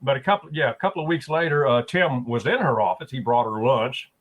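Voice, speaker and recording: Man telling a story in a relaxed way. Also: mid-range voice, brisk, poor audio. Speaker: guest. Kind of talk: casual conversation.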